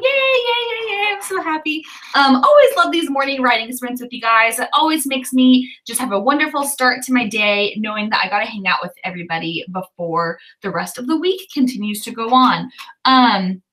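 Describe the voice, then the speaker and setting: High bright woman, chirpy livestream host, casual chat, cheers on viewers, a bit far from the mic. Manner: upbeat, cheers viewers on and reads out their comments. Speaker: livestream host of writing sprints.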